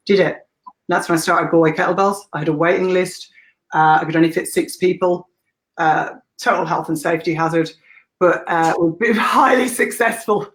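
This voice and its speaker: A woman's voice: on the low side, fairly quick, poor audio. An Irish woman in her thirties, a guest telling stories in a candid, casual way, swearing freely and laughing often. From Ireland. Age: 30s. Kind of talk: casual interview storytelling.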